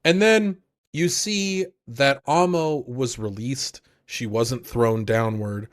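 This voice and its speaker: A man co-hosting an anime podcast, recapping episodes in a casual, animated way, swearing often and acting out the characters' lines. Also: medium pitch, slow pace. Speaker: podcast co-host.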